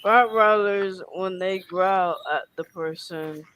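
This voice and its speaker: A man co-hosting a casual chat, telling stories loudly and emphatically. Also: sits high, takes it slowly, background noise.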